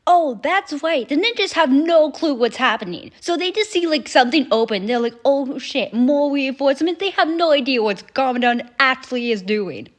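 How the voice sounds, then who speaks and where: A woman's voice: high-pitched, expressive, moderate pace, hardly any pauses. A young woman hosting a reaction video, chatting animatedly and swearing casually. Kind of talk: casual chat.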